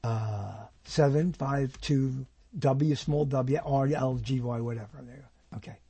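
Husky, grumbling man muttering at his computer. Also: medium pitch, measured pace, warm tone, dry recording. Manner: grumbling, sarcastic asides, muttering to himself. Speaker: vlogger. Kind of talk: casual rambling commentary while checking email and mail. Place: at home at a computer.

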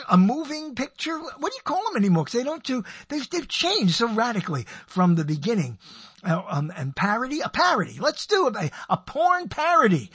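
A man's voice: sits high, fairly bright tone, slightly rough, no echo. A man hosting a solo talk show, rambling through digressions with playful asides. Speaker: show host.

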